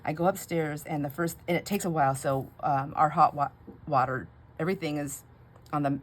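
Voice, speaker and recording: Low-voiced rambling woman crafting. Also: a little fast. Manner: rambling and chatty, laughs often, muses aloud. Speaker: crafting vlogger. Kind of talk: casual chatty crafting vlog. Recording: home recording with steady background noise.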